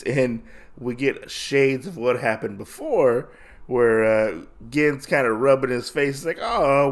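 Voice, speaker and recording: A man hosting a podcast who retells a comic's story in a casual, rambling way, full of fillers. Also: mid-range voice. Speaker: podcast host.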